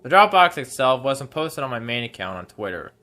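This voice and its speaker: A man narrating a commentary video in a measured, accusatory way. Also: mid-range voice, sing-song, pushed and bright, slight background noise. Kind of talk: scripted narration. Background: background music.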